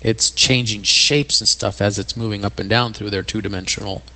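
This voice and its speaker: A man's voice: on the low side, steady tone, normal speed, bright, forceful tone, long reverb tail, rough recording. A man guesting on a radio show as a skeptic, explaining things in a dry, matter-of-fact way. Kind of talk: casual studio chat. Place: radio studio.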